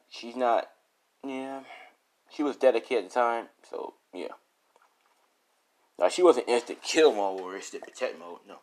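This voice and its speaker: A man casually improvising a fan story, rambling and correcting himself as he goes. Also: mid-range voice.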